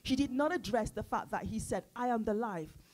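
A woman's voice: a little high, fairly quick, a little mellow, faint music behind. A woman preaching a sermon at a church service, often putting questions to the congregation.

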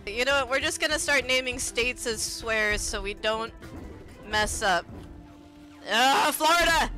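A woman's voice: fairly high pitch, pushed and bright. A woman streaming a game in casual chat, giggling often and swapping swears for silly stand-in words.

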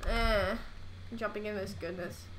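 A girl in her teens chatting and rambling through a Minecraft let's play, breaking into loud excited bursts. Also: medium pitch, moderate pace, noisy background. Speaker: gaming YouTuber. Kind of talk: casual let's play commentary.

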